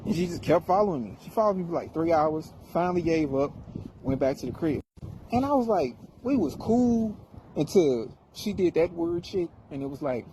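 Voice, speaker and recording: A man's voice: fairly high pitch, lively intonation, a little fast, mellow, slight background noise, poor audio. Wry, profane middle-aged male storyteller. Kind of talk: casual storytime monologue.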